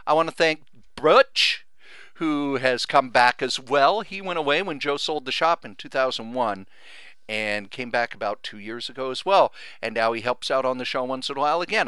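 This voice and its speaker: A man's voice: mid-range voice, sharp tone, smooth, dry recording. Earnest, emotional male podcast host. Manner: earnest, rambling, grows emotional. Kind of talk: heartfelt thank-you monologue.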